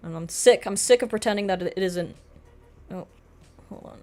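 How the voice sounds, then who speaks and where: A woman in her thirties streaming live, chatting casually with viewers, swearing freely and bursting into loud excited greetings. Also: medium pitch, normal speed, soft background music.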